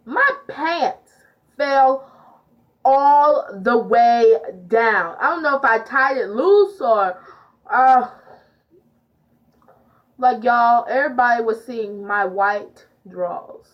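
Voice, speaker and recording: Speaking slowly and pausing often, a teen girl with a voice on the high side narrates her storytime vlog in a chatty, filler-heavy way. It's captured in dull, lo-fi sound.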